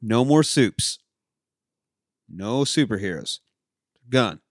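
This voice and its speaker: A man co-hosting a podcast, casually retelling a film in an animated way, with frequent swearing. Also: fairly low pitch, slow, dry recording, studio quality. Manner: animated, profane storytelling. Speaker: podcast co-host.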